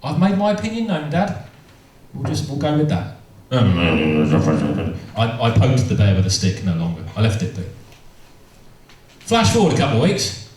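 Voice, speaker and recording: With a mid-range, slightly mellow voice and huge swings in pitch, the comedian talks at normal speed but leaves long pauses, rambling and interrupting himself with amused remarks as he tells a story. It's captured from afar in an echoey room.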